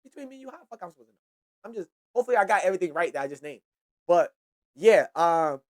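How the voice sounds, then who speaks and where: A man's voice: a little high, rapid-fire, a little mellow. A man hosting a hip-hop podcast who talks casually and profanely, gives heated opinions and often trails off and restarts his sentences. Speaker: podcast host.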